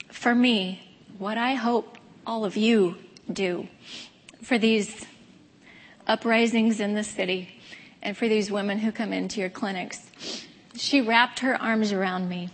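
A woman's voice: mid-range voice, unhurried, pauses often. A woman in her fifties gives a candid, earnest personal testimony speech with wry asides. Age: 50s. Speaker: speaker giving a personal testimony. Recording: long hall reverb.

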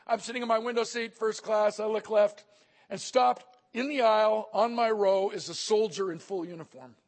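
Man, very high voice, motivational speaker, jokey storytelling, acts out voices. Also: fairly even intonation, moderate pace. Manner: comic storytelling, acting out quoted voices. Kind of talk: humorous motivational speech. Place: conference hall in a hotel.

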